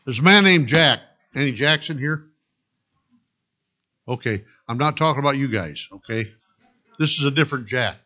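A man's voice: mid-range voice, lively intonation, normal speed, long pauses, sharp tone. A man preaching a sermon, earnestly exhorting the congregation and telling a parable. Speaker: pastor.

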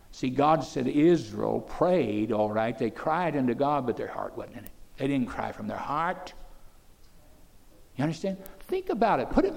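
A man's voice: mid-range voice, gravelly, mellow, slightly rough, long reverb tail. A man preaching a sermon, pressing his listeners with rhetorical questions and rising to fervent peaks.

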